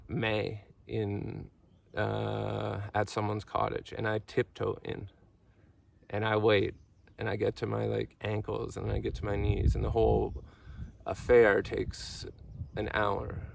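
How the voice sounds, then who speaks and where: A man in his thirties giving a reflective talk with parables, halting and musing, heard from a distant microphone. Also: fairly low pitch, vocal fry. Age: 30s. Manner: halting, musing, self-deprecating.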